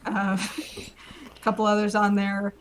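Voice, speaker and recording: A woman's voice: medium pitch, monotone, slow, slight background noise, poor audio. A woman playing in a tabletop game, describing her character's actions in a loose way, full of fillers. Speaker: player.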